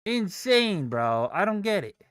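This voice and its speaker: Young male day-trader ranting on a live stream, swearing freely, voice swinging up and down, unhurried, recorded dry and close. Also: high-pitched, big pitch swings, a bit bright, clear, resonant tone, no room sound. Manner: profane, exasperated outbursts.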